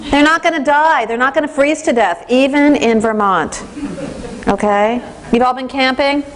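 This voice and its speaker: A woman's voice: high voice, moderate pace, poor audio. A woman giving a parenting training lecture to a class, telling stories and acting out voices. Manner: lively storytelling, acts out voices.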